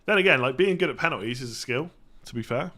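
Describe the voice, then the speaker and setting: A man hosting a casual live-stream Q&A, chatty and self-correcting, often clearing his throat. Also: mid-range voice, lively intonation, quick pace, sharp tone. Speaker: fantasy football streamer.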